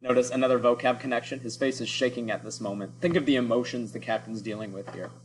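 A man, a teacher, who reads a short story aloud and pauses to explain vocabulary and prompt his listeners to think. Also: mid-range voice, fairly even intonation, slight background noise, poor audio.

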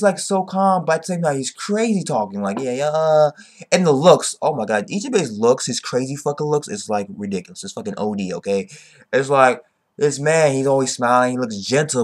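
A young man reviewing a manga chapter in casual commentary. He is excitable, swears a lot, uses heavy slang and keeps tagging "okay?" onto his sentences. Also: medium pitch.

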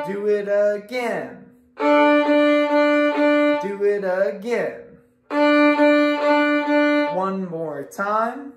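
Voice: mid-range voice, drawn-out words, pauses often. A string teacher leading an online music lesson, counting beats aloud with patient encouragement. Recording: echoey room with violin playing.

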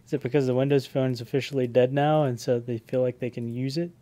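A man's voice: medium pitch, flat delivery, quick pace, mellow. A man from the American South co-hosting a casual gameplay chat, joking and laughing often. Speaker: game show co-host.

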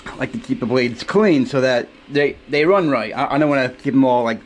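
Halting, rambling man vlogger. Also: mid-range voice. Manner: halting, repeats words, many fillers. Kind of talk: casual talk to camera.

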